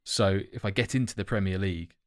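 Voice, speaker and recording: A man's voice: sits low, quick pace, no room sound, studio quality. A man co-hosting a casual podcast chat, talking in loose, self-correcting ramble with many fillers. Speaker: podcast co-host.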